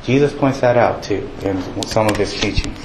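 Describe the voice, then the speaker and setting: A man preaching a sermon in a relaxed, conversational way, acting out townsfolk with a raised voice. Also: lowish voice, moderate pace, reverberant, background noise. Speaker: pastor.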